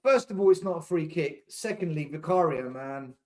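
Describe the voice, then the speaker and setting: A man's voice: a little high, expressive, moderate pace, a little mellow. A young man hosting a live football watchalong, exasperated, swearing and repeating himself as he reacts. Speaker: fan channel host. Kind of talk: live match watchalong commentary.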